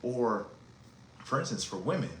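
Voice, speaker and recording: A man holding forth on his podcast, emphatic and animated, dropping slang as he preaches his point. His mid-pitched voice rings around an echoey room, with a faint hum of ambience underneath. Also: moderate pace. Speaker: podcast host. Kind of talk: casual monologue on relationships.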